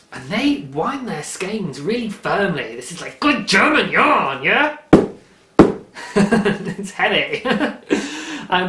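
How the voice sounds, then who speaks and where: This young man's voice is medium-pitched and fairly bright as he hosts his knitting podcast from an indoor room at home in daylight. He talks in a chatty, rambling way, laughing often, and the audio carries a roomy echo.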